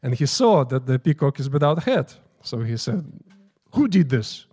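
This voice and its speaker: A temple priest telling informal, halting stories about his teacher during morning prayers in a temple. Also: medium pitch, very animated, darkish tone. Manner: informal, halting, restarting phrases. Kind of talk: storytelling talk at morning prayers.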